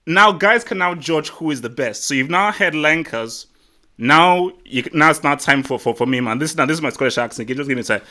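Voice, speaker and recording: A man hosting a casual live football stream, teasing and boastful, talking excitably to his guest and the chat. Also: a little high, fairly quick. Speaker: livestream host.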